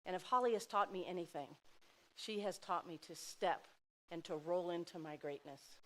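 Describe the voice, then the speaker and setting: A middle-aged woman giving a heartfelt personal speech to an audience, swinging between loud exclamations and soft asides. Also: on the low side, moderate pace. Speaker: speaker at a dinner event.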